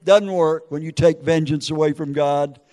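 An older man with a drawl delivers a heartfelt church testimony on a fairly high-pitched voice. He tells his story with feeling, sliding into other people's words as he goes. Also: fairly even intonation, normal speed, mellow, long reverb tail. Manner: emotional storytelling with acted quotes. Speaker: preacher giving testimony. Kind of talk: testimony sermon.

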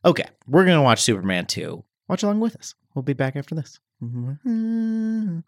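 Playful male co-host, very animated pitch, dry booth sound. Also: quick pace, creaky, dry recording. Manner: playful, reflective, laughs easily. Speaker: podcast co-host. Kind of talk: casual movie chat.

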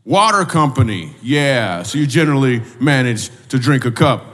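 A man's voice: mid-range voice, lively intonation, moderate pace, a bit bright. A male stand-up comedian doing crowd work on stage, teasing audience members and repeating his questions. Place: stage in a church hall. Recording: reverberant hall from a distance.

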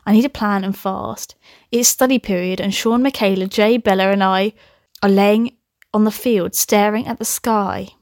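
A young woman reads her own old comic story aloud on a podcast she hosts, often breaking off to chat, giggle and curse. Her mid-range voice has a darkish tone and a steady delivery at a moderate pace. The studio-quality recording has no room sound.

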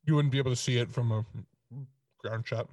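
A man in casual podcast chat, making matter-of-fact remarks and deadpan jokes, heard from a distance. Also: mid-range voice, brisk, dry recording.

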